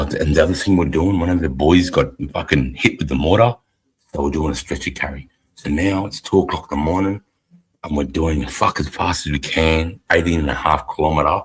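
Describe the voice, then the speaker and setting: A middle-aged Australian army veteran hosting a live stream, telling a war story in a blunt, profane, casual way. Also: male voice, extremely low pitch, vocal fry, slightly rough, rough recording.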